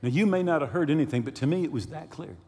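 A man preaching a sermon as pastor, telling a personal story and reading scripture slowly and deliberately. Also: on the high side. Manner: storytelling with lively swings, slowing down for scripture reading. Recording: long hall reverb.

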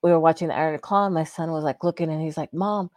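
Blunt woman with a low-pitched voice. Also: fairly even intonation, a little mellow, no echo. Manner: blunt, agreeable, quick to laugh and curse. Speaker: podcast co-host. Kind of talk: casual wrestling chat.

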